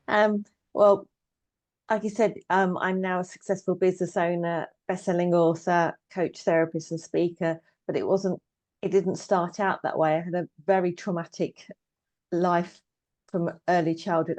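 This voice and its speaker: A woman's voice: fairly low pitch, flat delivery, normal speed, a little mellow, no room sound. Give me a woman in her fifties telling her story plainly and evenly, close and dry on the mic. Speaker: guest, trauma coach and therapist. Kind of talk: personal story in casual conversation.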